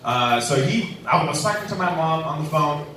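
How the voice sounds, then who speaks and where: Young male stand-up with a slightly high voice, rambling and filler-heavy, heard from a distance in an echoey club with faint room noise. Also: animated, normal speed, pushed and bright. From New Mexico, USA. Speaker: stand-up comedian. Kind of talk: stand-up comedy set. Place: comedy club stage.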